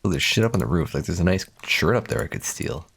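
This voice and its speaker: A man's voice: low-pitched, big pitch swings, fast, vocal fry, a bit bright, slight background noise. A young man livestreaming a game, reading its text aloud with playful, profane asides. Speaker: streamer. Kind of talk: casual gaming commentary.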